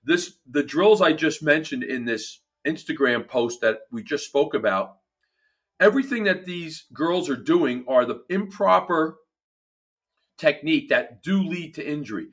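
A man's voice: fairly high pitch, expressive, measured pace, fairly bright tone, slightly rough. A man with a New Jersey accent, a performance coach talking emphatically in a casual podcast chat, often restarting his phrases.

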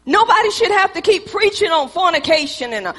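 In a very high, bright voice, a woman pastor delivers a sermon with lively intonation at a slightly fast clip. She rouses the congregation through call-and-response and acts out bits of dialogue. The long echo of a church hall surrounds her.

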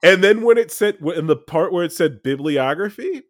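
Animated, laughing man telling a story. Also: high voice, normal speed, no room sound, studio quality. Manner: animated, laughing often, profane. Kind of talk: casual storytelling among friends.

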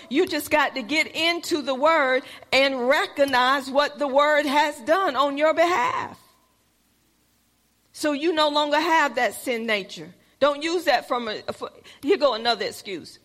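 A woman's voice: high voice, fairly bright tone. Lady preaching a sermon, talks real plain and earnest, lotta echo in the room.

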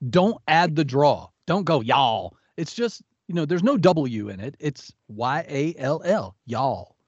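A man's voice: a little high, expressive, unhurried, a little mellow, slightly rough, no room sound, highs cut off. A man from the American South who co-hosts a podcast, speaking without an accent in a candid, wry, joking way. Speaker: podcast co-host. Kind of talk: casual chat.

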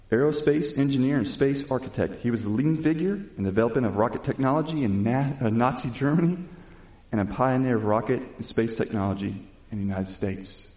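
A man delivers a sermon in a warm, mellow voice with middling pitch, recorded in a roomy space with noticeable echo. He mixes Bible reading with loose, conversational retelling and builds to emphatic questions. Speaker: preacher. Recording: echoey room.

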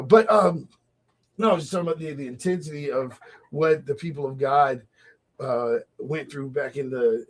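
A man hosting a casual faith talk show, animated and laughing often as he acts out little voices. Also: mid-range voice. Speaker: host. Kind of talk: casual radio chat about faith.

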